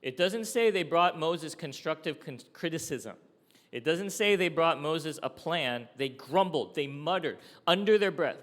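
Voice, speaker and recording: A man's voice: fairly high pitch, expressive, measured pace, fairly bright tone. A man preaching a sermon in a conversational way, often checking in with his listeners with "okay?" and "right?". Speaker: pastor. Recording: long hall reverb.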